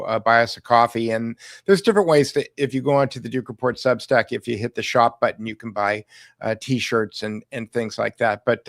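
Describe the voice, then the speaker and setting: A man's voice: mid-range voice, no room sound. A man hosting a podcast in a casual conversational style, often repeating words as he starts a thought. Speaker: podcast host.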